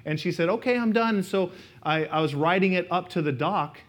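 A man's voice: fairly high pitch, steady tone, a little fast. A middle-aged man preaching a sermon in a church, speaking casually with personal stories and talking straight to the congregation. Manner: conversational, anecdotal, speaks directly to the congregation. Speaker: pastor. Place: church sanctuary.

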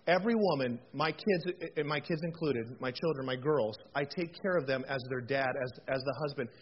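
A man's voice: medium pitch, normal speed. A man in his forties preaching a sermon to a room, telling jokey personal stories and calling on the audience to repeat after him. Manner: animated, jokey storytelling with audience call-outs. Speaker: pastor. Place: church hall. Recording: dull lo-fi recording, faint noise.

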